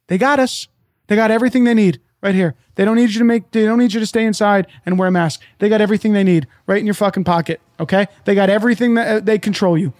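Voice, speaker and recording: A man's voice: high-pitched, a little mellow, no echo, clean studio sound. A man in a profane, sarcastic monologue, full of repeated rhetorical questions. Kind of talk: ranting monologue.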